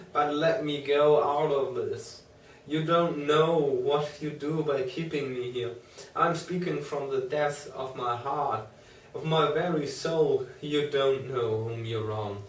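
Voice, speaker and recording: A man's voice: medium pitch, natural voice. A man voicing a frantic male asylum inmate who begs tearfully for his release, in an audiobook reading. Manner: desperate, tearful pleading. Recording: roomy, distant mic, faint noise.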